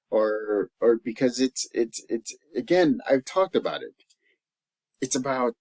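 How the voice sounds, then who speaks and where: A man from El Salvador speaking as a life coach in a personal, reflective vlog. He talks earnestly and haltingly, often restarting his sentences, and his voice sinks soft when he turns emotional. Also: on the low side, no room sound, low-quality recording. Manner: openly emotional, voice dropping soft at times.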